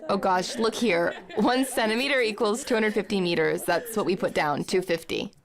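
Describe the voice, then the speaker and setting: A woman's voice: medium pitch, normal speed. A young woman cadet speaking in a dubbed documentary voice-over, chatty and matter-of-fact. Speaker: military cadet. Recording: crowd noise behind.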